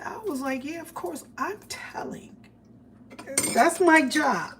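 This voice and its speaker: A woman with tells a story on her livestream in an animated, profane way. Her voice sits a little high, and she acts out each person she quotes. Faint background noise hums under her. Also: measured pace, low-quality recording. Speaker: livestream host. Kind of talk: casual storytelling.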